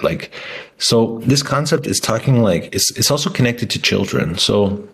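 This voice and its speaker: A man's voice: on the low side, animated, moderate pace, slightly rough. A man talking casually to camera in a rambling way, with many restarts and fillers. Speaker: vlogger.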